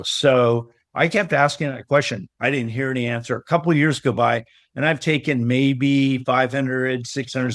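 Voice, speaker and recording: A man's voice: medium pitch, no room sound, clean studio sound. A middle-aged man, a business coach, tells a personal story as a guest in a casual interview, acting out the lines of the people in it. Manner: animated storyteller who acts out remembered dialogue.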